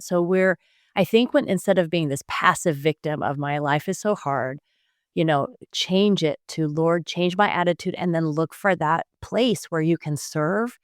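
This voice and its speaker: Earnest woman with a lowish voice. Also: measured pace, no room sound, clean studio sound. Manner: earnest, animated storytelling with laughs. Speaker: guest author and speaker. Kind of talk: faith-based parenting interview.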